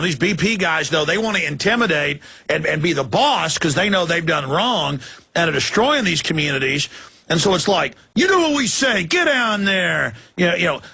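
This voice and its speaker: Heated, bright-voiced talk radio host. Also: male voice, fairly high pitch, creaky, husky. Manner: fast, heated, sarcastic ranting.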